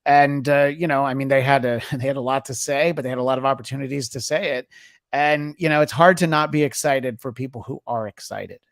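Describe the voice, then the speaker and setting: A man's voice: mid-range voice, fairly even intonation, fairly quick, creaky, no room sound. Guy cohosting a podcast, rambly and jokey, lots of ums, dry close mic. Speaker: podcast co-host. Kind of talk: casual chat.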